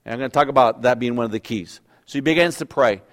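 This pastor speaks at a medium pitch and a fast clip, delivering his sermon like a conversation. Lively and grounded in everyday examples, he often pauses to ask "right?" He is male.

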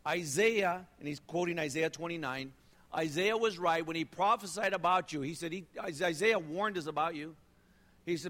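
A man's voice: fairly high pitch, normal speed. Man preaching in an echoing church. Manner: conversational, animated preaching with repeated phrases. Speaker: pastor. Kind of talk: sermon. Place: church sanctuary. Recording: long reverb of a church hall.

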